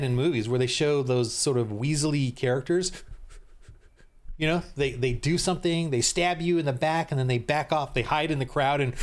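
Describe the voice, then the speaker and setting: A man's voice: mid-range voice, lively intonation, fairly quick. A middle-aged man giving heated, rambling reaction commentary as a Christian commentator, often restarting his sentences.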